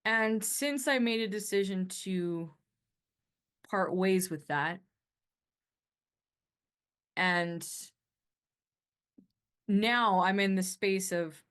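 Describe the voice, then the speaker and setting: A woman's voice: mid-range voice, drawn-out words, pauses often, fairly bright tone, clear, resonant tone. Chatty Canadian woman podcast host. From Canada, northern Alberta. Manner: rambling, self-correcting, chatty. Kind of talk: casual solo monologue.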